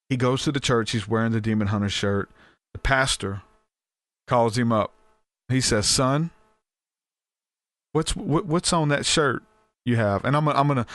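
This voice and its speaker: Animated man telling a story. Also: on the low side, no echo. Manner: animated, rambling, with frequent restarts and asides. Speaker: podcast host. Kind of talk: casual storytelling.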